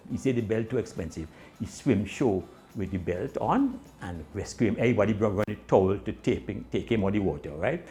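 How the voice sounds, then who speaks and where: Animated male storyteller. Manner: animated, swinging pitch, voices the people in his tales. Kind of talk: comic storytelling in island dialect.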